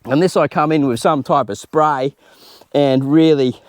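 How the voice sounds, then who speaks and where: A slightly high, somewhat slow male voice with a clean tone belongs to an Australian home gardener. He chats informally and explains his work as he goes in a relaxed tutorial set in his outdoor garden.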